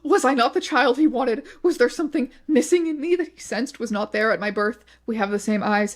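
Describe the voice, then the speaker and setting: A woman narrates a video essay, reading out online posts one after another. Her delivery is flat and measured, and her voice sits slightly higher than usual.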